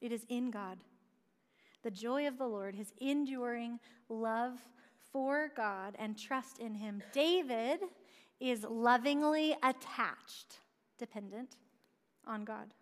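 A woman's voice: on the high side, slow pace. A woman preaching a sermon in a conversational way, asking rhetorical questions and dropping light asides. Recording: long hall reverb.

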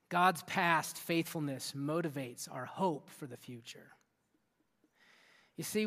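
A man preaching a sermon as a youth pastor in a church hall, energetic and interactive, often asking the audience questions. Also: high-pitched. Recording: long hall reverb with faint music.

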